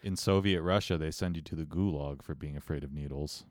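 Deep-voiced man, dry teasing. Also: brisk, dry recording. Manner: teasing, deadpan ribbing. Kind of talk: casual chat.

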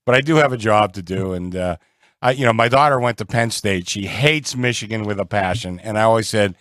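A man's voice: on the low side, a little fast, dry recording, studio quality. A middle-aged man from the Pittsburgh area, a guest in a casual sports chat, telling stories with a chuckle. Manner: relaxed, chuckling storyteller.

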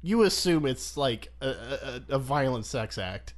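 A man chatting casually as a podcast co-host, dropping dry, sarcastic remarks. His voice sits at an ordinary middle pitch. He talks loosely and jokingly. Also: expressive, unhurried. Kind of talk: casual chat.

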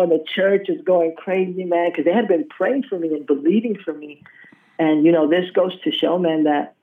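Guy from colorado telling his story all casual, says man and bro a lot, kinda high voice, sounds tinny like a phone. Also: steady tone, normal speed, distant mic. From Colorado, USA. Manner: laid-back, slangy, peppers speech with "man" and "bro". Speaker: guest sharing a testimony.

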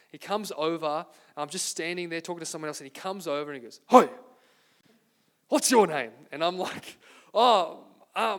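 A man's voice: sits high, a bit bright. An Australian man preaching a sermon as pastor, earnest and self-deprecating as he tells a story.

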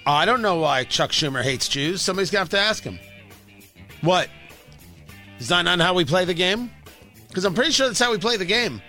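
A man's voice: high-pitched, lively intonation, fast talker, bright, forceful tone, faint music behind. A man hosting a political talk radio show, delivering a sarcastic, combative monologue into a studio microphone.

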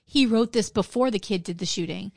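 A woman's voice: mid-range voice, fairly quick, creaky, dry recording, studio quality. Blunt, sweary woman podcast co-host. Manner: blunt, swears freely, sarcastic asides. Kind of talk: casual conversational podcast.

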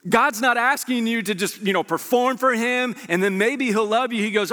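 A man preaching a sermon as pastor, animated and conversational with joking asides to his church. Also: very high voice, normal speed, few pauses. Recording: long reverb of a large hall.

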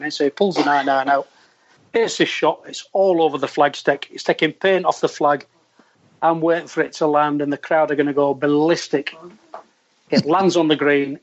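A man, a former caddie, telling an earthy, animated anecdote and acting out the voices he quotes. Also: a little high, normal speed. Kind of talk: storytelling anecdote. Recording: dull lo-fi sound.

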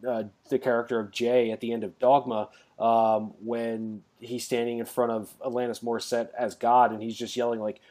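A man's voice: mid-range voice, flat delivery, moderate pace, few pauses, a little mellow. A man co-hosting a podcast in casual chat, rambling along with many fillers and restarts. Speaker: podcast co-host.

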